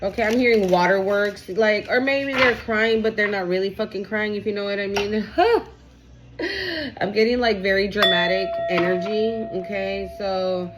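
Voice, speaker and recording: A woman's voice: medium pitch, measured pace. Chill woman doing tarot, swears a lot, keeps saying okay, bit of hiss behind. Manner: casual, profane, repeats "okay?" often. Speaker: tarot reader. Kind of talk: casual tarot reading.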